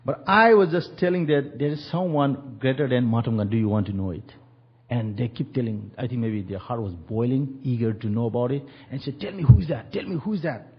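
Husky man preaching, lo-fi. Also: medium pitch, a little fast. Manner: animated, acts out quoted voices. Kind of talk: sermon storytelling.

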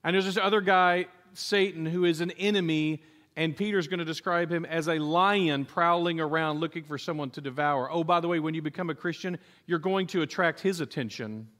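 High-voiced animated male preacher. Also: fairly quick. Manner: animated storytelling, acts out quoted voices, jokes with the congregation. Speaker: pastor. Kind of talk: sermon.

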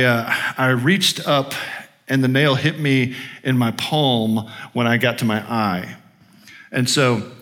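Bright-voiced man preaching. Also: mid-range voice. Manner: conversational, self-deprecating, many restarts. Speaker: pastor. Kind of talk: storytelling sermon.

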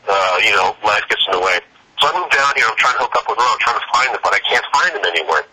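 A man's voice: lowish voice, expressive, quick pace, bright, forceful tone, breathy edge, rough recording. A man in his forties, an actor, telling stories in a casual interview and acting out his own quoted lines. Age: 40s. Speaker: actor and guest.

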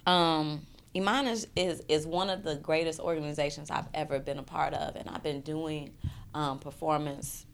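A woman's voice: low voice, fairly even intonation, normal speed, gravelly. A woman poet in her thirties, speaking earnestly and emotionally in an interview, often repeating words as she searches for them. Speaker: poet and performance artist. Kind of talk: candid interview conversation.

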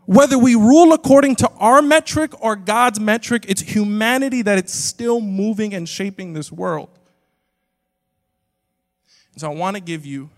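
A young male pastor with a fairly high voice preaches in a casual, chatty way, leaning on "like" constantly. He drops quiet, then surges loud for emphasis. His voice rings with the long reverb of a big church hall. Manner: casual and conversational, peppered with "like"; swings between quiet and loud emphatic bursts. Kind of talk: sermon. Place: live church auditorium with an audience.

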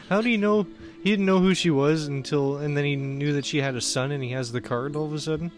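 A man's voice: a little high, normal speed, soft background music. A man co-hosting a podcast, chatting casually about a movie, laughing often and swearing freely. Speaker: podcast co-host. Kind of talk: casual movie-watching chat.

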